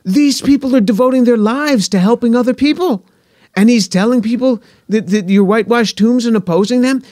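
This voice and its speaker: A man's voice: very high voice, brisk, darkish tone, dry recording, studio quality, pitched above the performer's own voice. A man imitating his exasperated older New York Jewish mother, scolding and incredulous. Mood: indignant.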